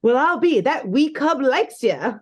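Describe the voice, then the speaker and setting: A hearty, gruff Scottish man hiding in a yeti suit, as a woman puts him on in a podcast. He has a put-on Scottish brogue and a cheerful manner. He sounds like a storybook hermit greeting visitors. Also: high voice, very animated, unhurried, darkish tone, pitched above the performer's own voice, heavily acted. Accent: Scottish (put on, admittedly poor).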